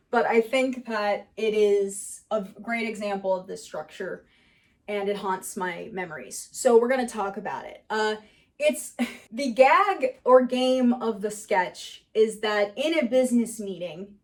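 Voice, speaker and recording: A woman teaching sketch comedy writing in a casual, animated way, laughing often and acting out quoted lines. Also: on the high side. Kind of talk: casual explainer lesson.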